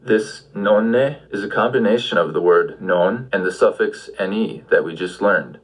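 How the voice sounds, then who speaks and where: A man's voice: fairly low pitch, a little slow, breathy edge, poor audio. A man giving an audio language lesson, patiently prompting the listener with questions. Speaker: language teacher.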